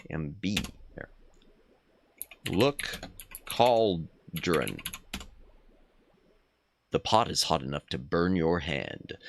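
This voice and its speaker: A man's voice: rumbling low, vocal fry, slight background noise. A man streaming a retro adventure game, thinking aloud in casual commentary and reading the game text aloud.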